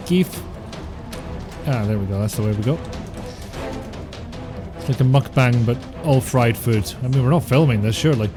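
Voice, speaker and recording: Casting: male game streamer, mid pitch, chatty, joking, swears a lot. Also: normal speed, long pauses, over music. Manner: joking, rambling, swears often. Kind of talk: casual gameplay commentary.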